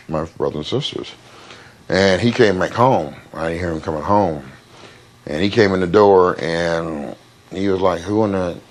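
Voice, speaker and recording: Deep-voiced man, interview guest, plain halting storyteller with fillers.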